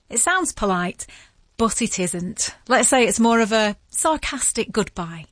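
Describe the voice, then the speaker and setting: A woman giving scripted narration as a podcast host, vivid and measured. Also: on the high side, dry recording.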